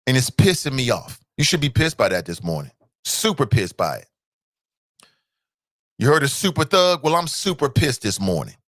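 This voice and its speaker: A man hosting a talk show, with a Cincinnati accent. He rants in a bright, forceful voice that swings widely in pitch, firing the same rhetorical question again and again. The sound is dry and close. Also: moderate pace, dry recording. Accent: Cincinnati, Ohio. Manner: animated, repeats rhetorical questions, jumps to high exclamations. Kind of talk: fired-up solo commentary.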